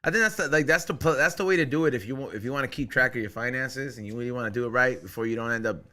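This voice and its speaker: A man's voice: medium pitch, racing, bright, forceful tone. A man hosting a podcast in casual, joking, profane banter. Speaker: podcast host. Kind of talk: casual chat.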